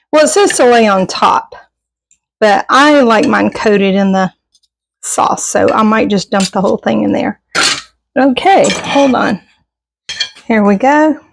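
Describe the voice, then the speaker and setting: A woman's voice: medium pitch, slight background noise, low-quality recording. A woman chatting casually in her home kitchen, folksy and self-deprecating as she cooks and tastes. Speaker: home cooking vlogger. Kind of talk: casual cooking vlog chat.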